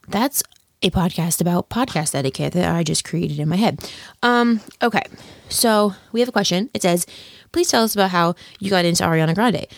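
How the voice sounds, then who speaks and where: A woman's voice: on the low side, gravelly, dry recording. A young woman hosting a podcast on her own, rambling and chatty, full of self-deprecating asides. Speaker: podcast host. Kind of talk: casual solo podcast chat. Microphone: studio microphone.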